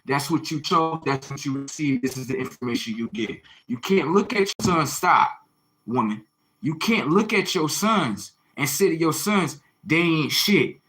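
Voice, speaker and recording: A man's voice: fairly high pitch, animated, moderate pace, fairly bright tone. Man lecturing hard on a livestream. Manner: confrontational, lecturing, full of rhetorical questions; slangy, swearing, repeats phrases for emphasis. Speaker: livestream host. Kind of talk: preachy livestream monologue.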